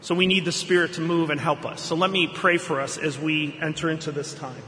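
A man's voice: fairly high pitch, fairly even intonation, a little fast, pushed and bright. A middle-aged man preaching a sermon, telling a family story and reading scripture in an earnest way. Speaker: pastor. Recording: echoey hall reverb, faint room noise.

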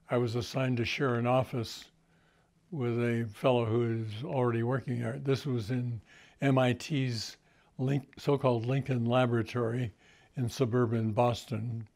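Slow, halting older man recalling events. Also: mid-range voice, a little mellow. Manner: halting, many fillers and restarts. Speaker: interview guest. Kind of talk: interview.

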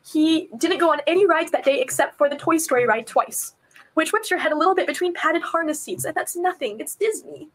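A very high-pitched woman speaks in a recorded police interview. She is distraught and soft-spoken, and her voice keeps cracking with tears as she recounts what happened. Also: fairly quick, rough recording. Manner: soft-voiced, quiet when upset. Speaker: mother being questioned by police.

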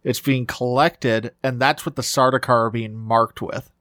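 A man co-hosts a podcast and gushes over a film in loose, casual chat. He often stops and restarts his sentences as his excitement runs ahead. His mid-range voice is close to the mic, with a dry sound and no room echo. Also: medium pitch, normal speed. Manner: enthusiastic, talks with frequent restarts. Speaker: podcast co-host.

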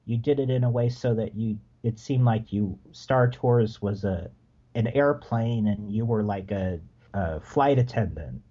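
A man's voice: on the low side, measured pace, breathy edge, muffled recording. A man guesting on a podcast, casually telling rambling stories about a past job. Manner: relaxed, rambling, frequent restarts. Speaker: podcast guest, former theme park worker. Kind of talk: casual storytelling.

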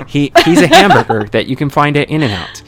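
A man's voice: on the high side, very animated, a bit bright, breathy edge. A man hosting a gaming podcast, reading out listener tweets in casual chat with many fillers and restarts. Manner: halting, full of fillers and restarts. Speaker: podcast host.

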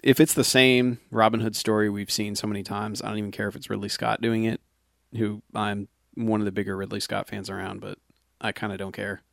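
Male podcast co-host, low and gravelly, dry sarcastic delivery, close and dry. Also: flat delivery, fairly quick, few pauses, fairly bright tone, no room sound. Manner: sarcastic, joking. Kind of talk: casual movie chat.

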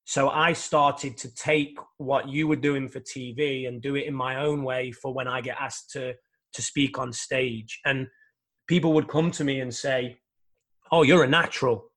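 A man's voice: mid-range voice, fairly even intonation, measured pace, a bit bright. A man hosting a podcast, telling his own story in a reflective, casual way. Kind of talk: casual interview chat.

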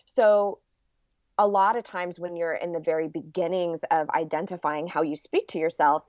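A woman's voice: on the low side, steady tone, normal speed, darkish tone, no room sound. A woman guest in a casual interview, explaining things earnestly and sometimes acting out an inner voice. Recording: dull lo-fi sound.

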